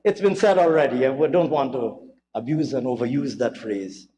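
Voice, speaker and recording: A man's voice: mid-range voice, normal speed, mellow, slight background noise. A man giving a parliamentary budget debate speech, mocking and theatrical, repeating phrases for emphasis. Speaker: member of parliament. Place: large parliament chamber. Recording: echoey chamber with long reverb.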